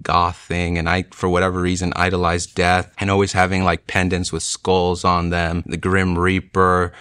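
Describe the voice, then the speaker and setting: A young man giving an earnest personal testimony, telling his story and speeding up and slowing down as he goes. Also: low-pitched, bright, forceful tone, no room sound, studio quality.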